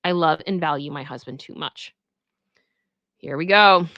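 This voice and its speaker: A woman streamer reading a story aloud for the first time and breaking in with animated, exclaiming reactions. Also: low-pitched, a little slow, no room sound, lo-fi sound. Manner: animated, exclaiming reactions between read passages.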